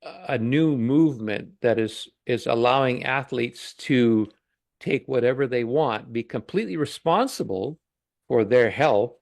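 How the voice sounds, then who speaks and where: A man's voice: mid-range voice, expressive, unhurried, vocal fry, a little mellow, no room sound, studio quality. A man speaking as a podcast guest in thoughtful, hesitant casual talk, full of fillers.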